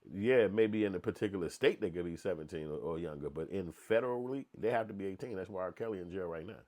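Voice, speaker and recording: Man, lowish voice, blunt, profane, slangy, opinion rant. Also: quick pace, a little mellow. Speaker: commentator.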